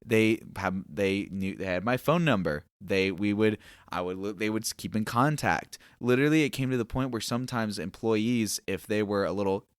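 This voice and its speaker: A low-pitched man telling a personal faith story in an engaging, conversational way, often slipping into the voices of the people he quotes. The recording is dry and close, with no room sound. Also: moderate pace, hardly any pauses, clear, resonant tone, no echo. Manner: lively storyteller who acts out dialogue. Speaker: podcast host.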